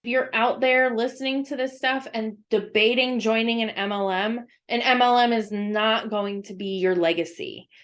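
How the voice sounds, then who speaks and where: A woman's voice: fairly high pitch, fairly even intonation, normal speed, hardly any pauses, a bit bright. A woman giving blunt, critical commentary while reacting to a video clip.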